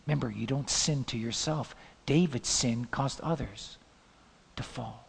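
A male pastor preaching a sermon, swinging between loud emphatic peaks and low hushed asides. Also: a little slow, vocal fry, slightly rough. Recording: long hall reverb.

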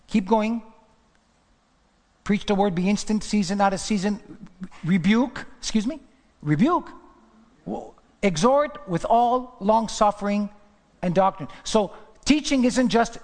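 A man preaching a sermon as pastor, emphatic, firing rhetorical questions and dropping from loud declarations to hushed asides. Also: high voice. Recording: long hall reverb.

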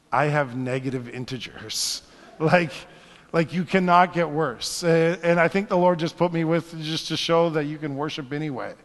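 A man preaching in a high, ringing voice, telling a personal story with quiet asides before rising into fervent calls to his listeners. His words carry a long reverb, like in a big sanctuary. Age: adult, married. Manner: animated storyteller, drops to hushed asides, builds to fervent exhortation. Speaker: pastor. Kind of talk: sermon with storytelling.

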